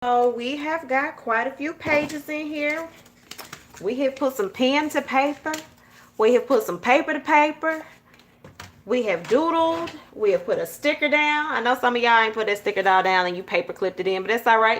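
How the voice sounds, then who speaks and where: A woman's voice: high voice, normal speed, slight background noise. A woman from Georgia with a Southern accent, hosting a casual journal-with-me tutorial and chatting straight to her viewers. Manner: chatty, talks straight to viewers with frequent "y'all" and "okay?". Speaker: journaling channel host.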